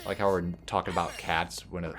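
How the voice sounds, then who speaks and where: Very deep-voiced wisecracking woman gamer. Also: flat delivery, fairly quick, music in the background. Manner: dry, wisecracking. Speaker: co-host of a let's play. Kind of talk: casual gameplay commentary. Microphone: own desk microphone.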